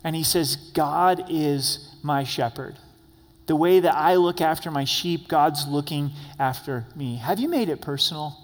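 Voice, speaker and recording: Male pastor, sermon, fairly high voice, long hall echo, verse-by-verse scripture reading. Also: a little slow. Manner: reads scripture aloud and explains it verse by verse; speaks directly to the congregation with light humor. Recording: long echoey hall reverb.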